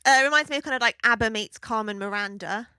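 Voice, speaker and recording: A woman's voice: a little high, quick pace, sharp tone, smooth, no echo. A woman in her thirties co-hosting a podcast, giggly and full of dry quips. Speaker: podcast co-host. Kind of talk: casual chat.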